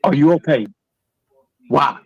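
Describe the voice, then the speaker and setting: A man's voice: a little high, slow, vocal fry, breathy edge, lo-fi sound. Foul-mouthed mocking man hosting a stream. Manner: mocking, profane, needling. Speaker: livestream host. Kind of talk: crude roast-style panel chat.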